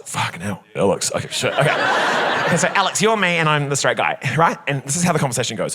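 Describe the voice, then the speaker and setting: A man performing stand-up comedy on a theatre stage, telling self-mocking stories in a camp, animated way. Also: on the high side, fast talker. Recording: loud audience laughter in a theatre.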